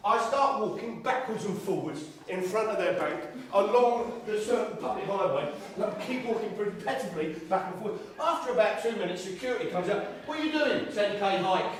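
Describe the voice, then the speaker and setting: Animated man doing stand-up, high voice. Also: fairly quick, few pauses. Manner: animated, swearing, emphatic. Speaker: stand-up comedian. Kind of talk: stand-up storytelling. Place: live event venue. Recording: echoey live venue, distant mic, audience laughter.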